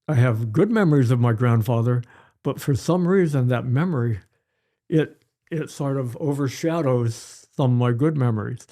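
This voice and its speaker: Slow, mellow older man. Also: mid-range voice. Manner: unhurried storytelling, repeats key phrases. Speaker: pediatrician guest. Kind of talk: conversational interview.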